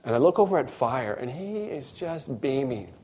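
A middle-aged male preacher delivers a sermon through personal storytelling. His voice rises to loud, excited emphasis, then drops to quiet, hushed asides. The delivery is animated and conversational. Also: medium pitch, moderate pace, a little hiss or hum.

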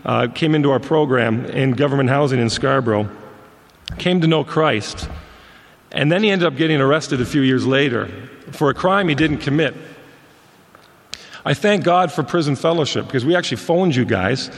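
A man's voice: mid-range voice, lively intonation, normal speed, creaky. A man from Montreal, a ministry leader, telling stories in a folksy sermon talk. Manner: folksy anecdotal storyteller. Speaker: ministry leader and guest speaker. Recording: long reverb of a large hall.

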